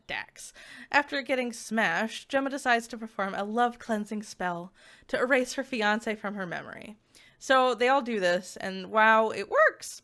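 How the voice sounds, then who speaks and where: Chatty woman talking books, giggles a lot, says like constantly, sharp bright voice. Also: fairly high pitch. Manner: chatty, giggly, lots of "like" fillers. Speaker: book reviewer. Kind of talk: casual book review vlog.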